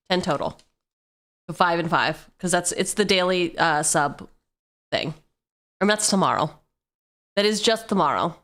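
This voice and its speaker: A woman's voice: fairly low pitch, fairly bright tone. A woman streamer chatting casually and joking as she opens card packs on a livestream. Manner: playful, jokey asides, sings snatches of song.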